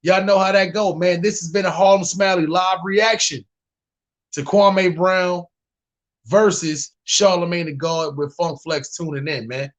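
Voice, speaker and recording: A man's voice: on the high side, a bit bright. A man from New York hosting a live stream reaction, talking in a laid-back way and repeating "man". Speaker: host.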